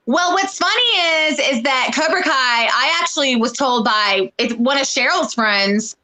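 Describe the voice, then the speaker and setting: A woman co-hosting a casual show chat, talking in a chatty, animated way and acting out quoted lines when she retells a story. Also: high-pitched, measured pace, low-quality recording. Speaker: co-host.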